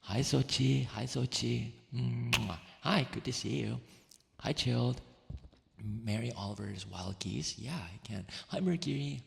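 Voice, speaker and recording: Soft-spoken guy streamer, super gravelly low voice, kinda giggly, echoey reverb. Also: unhurried. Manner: soft-spoken, greets chat by name, giggly. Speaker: VTuber streamer.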